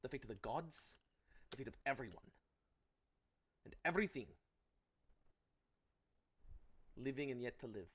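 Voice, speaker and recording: A man's voice: medium pitch, lively intonation, brisk, a bit bright, breathy edge. A man voicing a loyal, oath-bound woman protector with a Russian accent, speaking earnestly and insistently in a tabletop game. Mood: defiant. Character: sworn female protector, fierce and loyal. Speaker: tabletop player. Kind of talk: in-character roleplay. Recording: dull lo-fi audio.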